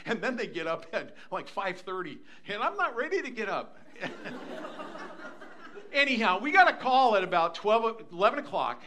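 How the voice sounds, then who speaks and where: A man's voice: high voice, normal speed, pauses often, a little hiss or hum. An older man preaching a sermon, telling a family story with lots of energy and acting out the voices of the people in it. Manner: animated, acts out voices in anecdotes. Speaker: pastor.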